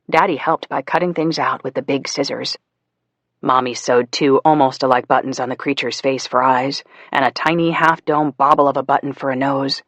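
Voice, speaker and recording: A man narrating a psychological thriller audiobook in a measured storytelling manner, voicing the characters as he goes. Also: mid-range voice, fairly bright tone, no echo. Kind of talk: scripted narration.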